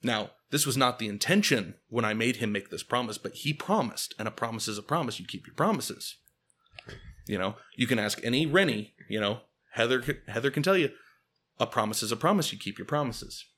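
A man's voice: mid-range voice, fairly quick. Man telling a wild story. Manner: animated, gets loud and laughing at the climax. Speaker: podcast host. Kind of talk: comedic storytelling.

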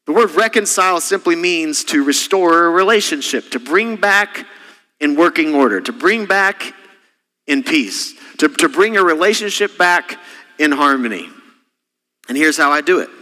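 A middle-aged man preaching a sermon as senior pastor, impassioned, with sudden soft drops. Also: a little high, long reverb tail.

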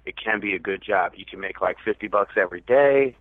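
A man's voice: lowish voice, brisk, dry recording. A man telling a long story as a podcast guest, rambling and mocking himself. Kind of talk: casual storytelling. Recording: tinny, dry phone-like line.

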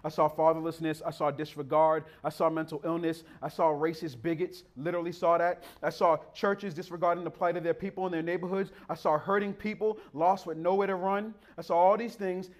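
Preacher guy, high voice, rhythmic sermon, gets really fired up. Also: fairly even intonation, brisk. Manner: impassioned, building to near-shouts; repetitive, rhythmic preaching cadence.

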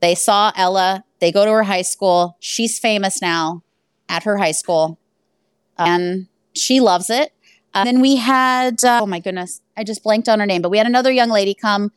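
Woman, escape room owner, animated storyteller, mid-pitched voice, dry close sound. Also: normal speed, clean tone, dry recording. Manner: animated, laughs through stories. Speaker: guest. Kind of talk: casual storytelling interview.

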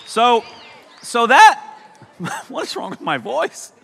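Lively young preacher joking in a hall. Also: male voice, very high voice, slow pace, creaky, slightly rough. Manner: joking, animated, teasing the crowd. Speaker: youth pastor. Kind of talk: comedic sermon. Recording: long hall reverb.

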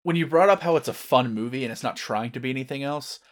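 A man co-hosting a podcast who talks earnestly and at a measured pace. His voice has an ordinary middle pitch, and he comes across as a longtime fan. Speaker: podcast co-host. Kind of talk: casual movie review chat.

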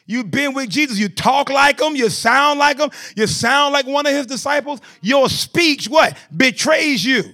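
A man preaching a sermon, shouting in a rhythmic call-and-response style and repeating phrases to the congregation. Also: very high voice, a little slow, hardly any pauses, no room sound, studio quality.

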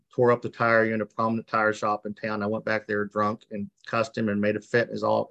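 Over a video call at a recovery meeting, a middle-aged man shares his recovery story as an earnest, emotional personal testimony, repeating himself as he goes. His voice is lowish with a fairly bright tone, and the audio is dull.

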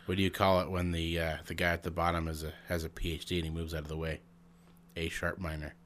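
A man's voice: sits low, flat delivery, fairly bright tone, slight background noise. A man co-hosting a casual podcast, trading dry quips and pun jokes. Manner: dry, quick-witted joker. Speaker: podcast co-host. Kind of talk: casual chat.

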